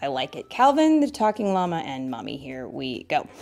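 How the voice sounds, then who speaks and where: Woman reading a kids' story, lively swooping pitch, slow and gravelly, faint music behind. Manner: playful, animated, asks the listener questions. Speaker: parent reading to a child. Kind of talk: storybook read-aloud for children.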